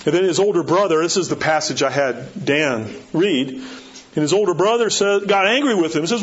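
Preaching in an emphatic, storytelling style, this man pastor keeps repeating rhetorical questions. His voice is a little high, expressive, and a little fast, captured on a dull lo-fi recording.

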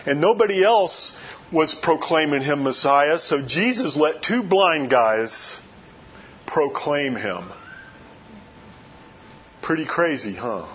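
A man's voice: fairly high pitch, expressive, slow, pauses often, breathy edge, muffled recording. A man preaching a sermon, retelling a story in a loose, conversational way with frequent asides. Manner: conversational storytelling with many "you know" asides. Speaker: pastor.

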